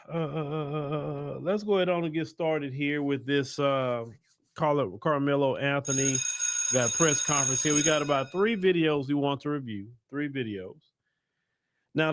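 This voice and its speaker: A laid-back man hosts a news live stream, his voice a little high and recorded dry and close. He talks unhurriedly, full of ums and restarts, chatting with viewers as he comments casually.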